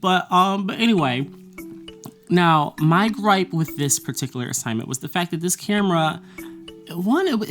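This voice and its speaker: A vlogger talking casually about a semester, blunt and profane, with frequent laughter. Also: mid-range voice. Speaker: vlogger recapping a college semester. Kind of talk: casual monologue.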